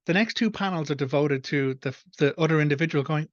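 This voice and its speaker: A man's voice: on the high side, a little fast, few pauses, no echo, lo-fi sound. An Irish man hosting a reaction video, ranting bluntly and with frustration. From Ireland. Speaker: host. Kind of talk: reaction commentary.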